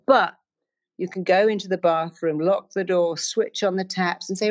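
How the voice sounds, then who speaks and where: At a moderate pace, a middle-aged woman gives an emphatic motivational talk, acting out inner voices with wide pitch swings as she explains. The recording is muffled.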